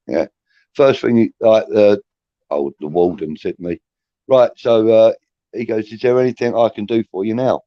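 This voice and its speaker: A podcast co-host with a fairly low voice tells cheeky anecdotes in a casual storytelling chat, often saying "you know what I mean." He talks at normal speed with no echo, and the recording has a dull, lo-fi sound.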